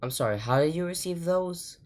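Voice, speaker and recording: A woman's voice: on the low side, lively intonation, fairly quick, soft background music. A woman hosting a reaction video, talking casually and rambling in exasperation.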